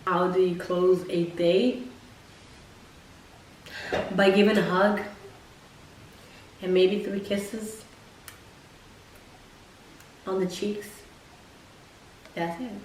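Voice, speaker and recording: A woman vlogger telling a casual storytime, blunt and profane, ranting with animated emphasis. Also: mid-range voice, extremely slow, long pauses, slight background noise. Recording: roomy echo, distant mic, faint ambience.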